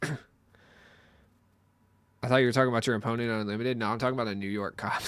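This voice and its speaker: A man's voice: medium pitch, steady tone, fast, long pauses, a bit bright, clear, resonant tone, no echo. A young man chatting casually with his stream viewers in a loose, rambling, profane way.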